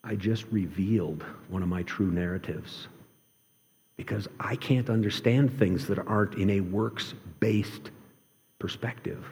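A man preaching a sermon in an earnest way, slowing and dropping his voice for emphasis. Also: lowish voice. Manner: earnest, varies pace, drops to quiet emphasis. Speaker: pastor. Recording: long hall reverb.

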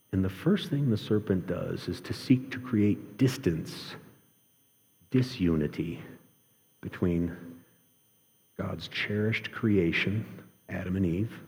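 Man preaching, low voice, mellow tone, earnest, slows and softens for emphasis, echoing church hall. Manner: earnest, varies pace, drops to quiet emphasis. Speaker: pastor. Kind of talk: sermon. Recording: long hall reverb.

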